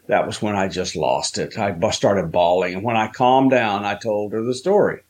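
A man, a guest on an interview show, slowly telling a personal story with many fillers and pauses. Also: fairly low pitch, a little mellow. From Southern United States. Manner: slow, halting storytelling with fillers.

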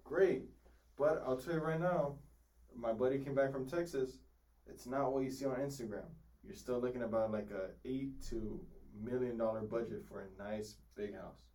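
A man's voice: medium pitch, normal speed, dark tone. A man co-hosting a casual chat, bluntly telling stories about customers from car sales. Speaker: podcast co-host, car salesman. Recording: roomy sound from a distant mic.

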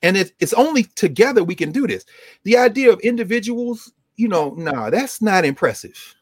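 A high-voiced man speaks at a moderate pace with no echo, acting as a scholar and co-host. His talk is impassioned and lecture-like, rhythmic and emphatic, with animated repetition of his points.

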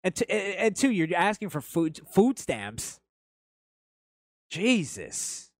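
Male podcast host, slightly raised pitch, casual and profane, dry close mic. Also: sing-song, takes it slowly, dry recording. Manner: blunt, swears freely, rambling anecdotes. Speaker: podcast host reading chat.

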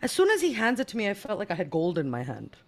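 A speaker raised in the United States, telling a story in a casual panel conversation and acting out the quoted dialogue with lively energy. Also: medium pitch, fast. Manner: animated storyteller who acts out quoted dialogue.

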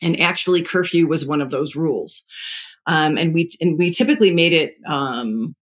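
A middle-aged parenting advisor in casual talk, calm and measured, explaining through stories from their own family. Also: medium pitch.

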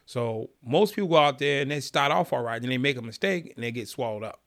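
As a podcast guest, a middle-aged man tells his story in an interview, animatedly acting out the people he quotes. His voice is mid-range and his pace quick.

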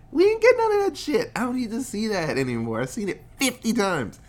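Lively, animated man in casual chat. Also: a little fast, hardly any pauses. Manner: animated, profane, acts out characters with big pitch jumps. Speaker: podcast co-host. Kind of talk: casual movie review chat.

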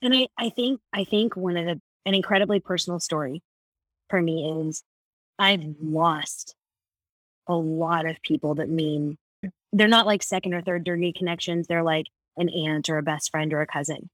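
A woman guest on a podcast, telling personal stories in casual conversation, animated and quick to laugh. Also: on the low side, dry recording. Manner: animated storyteller, laughs often.

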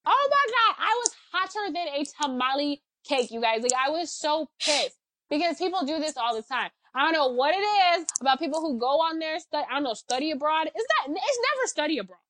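Woman, high-pitched voice, animated, ranting, casual podcast chat. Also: a little fast, slight background noise, poor audio. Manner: animated, ranting, uses lots of fillers. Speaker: podcast co-host.

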